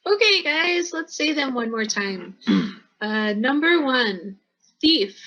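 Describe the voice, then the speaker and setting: A woman's voice: sits high, big pitch swings, takes it slowly, a bit bright, poor audio. An American woman teaching pronunciation in a college classroom, explaining patiently and repeating words for her students. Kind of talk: classroom instruction.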